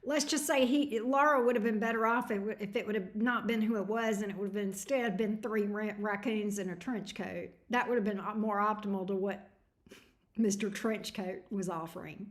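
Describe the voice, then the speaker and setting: A woman's voice: mid-range voice, fairly even intonation, moderate pace. A woman hosting a tarot livestream, chatting casually with viewers in a snarky, laughing way, tired. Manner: snarky, laughing, reading chat messages aloud.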